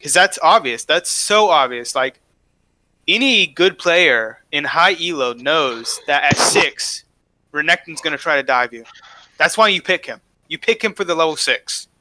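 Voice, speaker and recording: A man with a slightly high, very bright voice gives opinionated esports analysis on a podcast. He talks emphatically and says his points more than once. The recording is close and dry. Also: lively intonation, unhurried, dry recording. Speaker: podcast co-host. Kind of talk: casual esports analysis chat.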